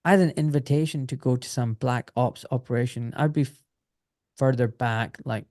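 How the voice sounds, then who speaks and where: Animated middle-aged British man, swearing. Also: medium pitch, moderate pace, no echo, clean studio sound. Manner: animated, swears, acts out quoted voices. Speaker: podcast guest, former doctor. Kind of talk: casual podcast storytelling.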